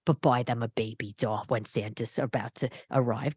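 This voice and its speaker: A woman hosting a casual solo podcast, animated and sarcastic as she rants. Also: extremely low pitch, fairly quick, few pauses, no room sound, clean studio sound. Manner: animated, ranting, sarcastic asides. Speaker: podcast host. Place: home living room.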